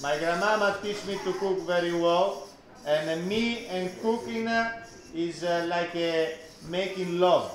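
A man's voice: sits high, measured pace, reverberant, a little hiss or hum. A man with an Italian accent hosting a live cooking class, joking and exclaiming in Italian.

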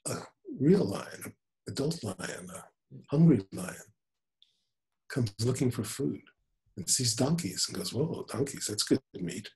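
A man in his seventies, a spiritual teacher talking in an unhurried, gentle storytelling manner. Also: mid-range voice. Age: 70s. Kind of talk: spiritual conversation.

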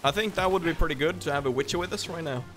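A man's voice: a little high, rapid-fire, music in the background. A man hosting a gaming video, chatting playfully and teasing his co-player. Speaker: gaming channel host. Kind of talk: casual gameplay chat.

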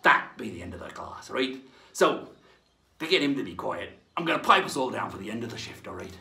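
A man's voice: lowish voice, big pitch swings, fairly quick, gravelly, roomy sound, heavy background noise. A man hosting a children's lesson in a playful pirate persona, talking in hammy, theatrical pirate speech.

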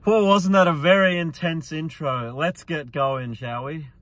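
A man's voice: on the high side, steady tone, measured pace, a bit bright, soft background music. A young man with an Australian accent hosting a casual sports vlog, upbeat and jokey. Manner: upbeat, jokey, self-deprecating. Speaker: sports vlogger host. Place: car and outdoors around a stadium.

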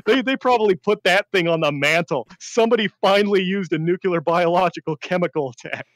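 A man, a veteran, telling war stories in a rambling casual chat, often laughing and swinging between deadpan and excited. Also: fairly high pitch, brisk, dry recording. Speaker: veteran storyteller.

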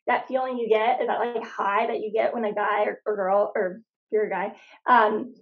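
A woman's voice: medium pitch, level tone, normal speed, narrow, tinny audio. A young adult woman from Arizona, a guest in a casual faith-centered conversation, telling stories in a chatty way full of "like.". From Phoenix, Arizona, USA. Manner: chatty storyteller, lots of "like". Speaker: interview guest.

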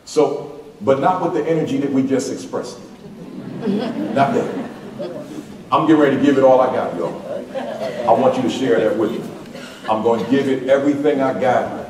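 A man's voice: mid-range voice, lively intonation, moderate pace, long pauses, dark tone, a little hiss or hum. A man giving a motivational keynote speech to school staff, emphatic and repetitive, leading the audience in call-and-response chants. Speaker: motivational speaker at a school staff opening meeting. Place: large hall or auditorium. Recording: echoey hall, mic far off.

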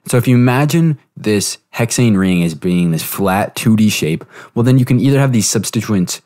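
A young man hosting a podcast, giving a relaxed, explanatory review lesson with fillers and self-corrections. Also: fairly low pitch, moderate pace. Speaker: podcast host teaching exam prep. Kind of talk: casual spoken review lesson.

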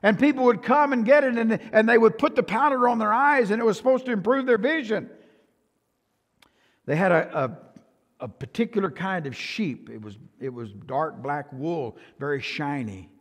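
An older man with a Texan accent preaching a sermon as pastor, swinging from hushed to loud and often repeating himself. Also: sits high, lively intonation, moderate pace. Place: church sanctuary. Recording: long church hall reverb.

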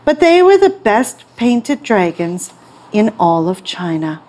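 Slow, expressive storybook reader, woman. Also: mid-range voice, slight background noise. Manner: expressive, clear read-aloud. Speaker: English storytime teacher. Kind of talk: reading a picture book aloud.

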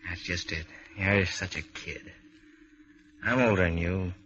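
An actor playing an eager, lovesick young sailor, earnest and pleading in 1930s radio drama style. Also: male voice, low-pitched, a little slow. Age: young adult. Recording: scratchy dull old radio transcription.

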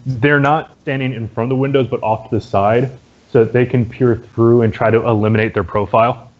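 A man narrating as dungeon master in a relaxed, halting way with many fillers. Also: medium pitch. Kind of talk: narrating a tabletop game. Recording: dull lo-fi audio.

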